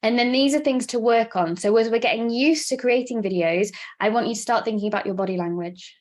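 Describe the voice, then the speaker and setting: A woman with a Welsh accent teaching a live online workshop, chatty and fast-talking, laughing often. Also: a little high, darkish tone. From Wales. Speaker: presenter and coach.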